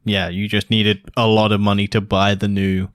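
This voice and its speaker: Low-voiced young man, dry sound. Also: little pitch movement, moderate pace, no room sound. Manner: blunt, swears casually, teasing. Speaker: podcast co-host. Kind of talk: casual chat.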